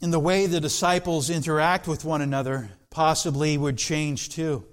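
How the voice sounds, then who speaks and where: A man preaching a sermon in an earnest, deliberate way, with dramatic pauses. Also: on the high side, steady tone.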